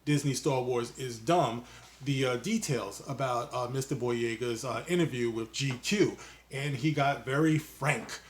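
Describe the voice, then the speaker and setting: A man's voice: medium pitch, a little hiss or hum. Male commentary host, casual monologue, mocking tone, jokey asides. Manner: loose and mocking, quick asides, sings and jokes.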